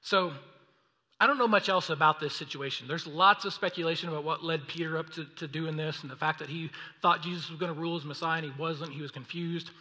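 A man preaching a sermon, reading scripture and acting out the people in the story in an animated way. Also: a little high, fast. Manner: animated, acts out voices of the story. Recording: long reverb of a hall.

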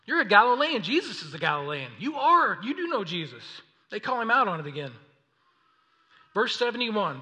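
A man preaching a sermon, reading scripture and acting out the people in the story in an animated way. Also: high-pitched. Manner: animated, acts out voices of the story. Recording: long reverb of a hall.

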